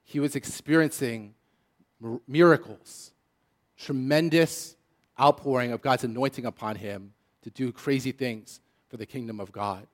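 Pastor guy chatting w the congregation, relaxed sermon talk, mid pitch. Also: moderate pace, few pauses. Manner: casual, talks straight to the congregation.

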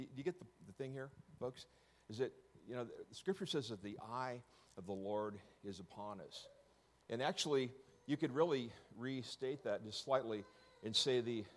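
A middle-aged man telling his personal story to an audience, often stopping to correct himself and slipping in joking asides. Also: mid-range voice.

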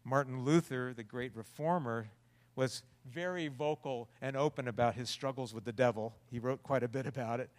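A man's voice: medium pitch, moderate pace, in a large hall. A male pastor preaching a sermon in an earnest, conversational way, often asking rhetorical questions.

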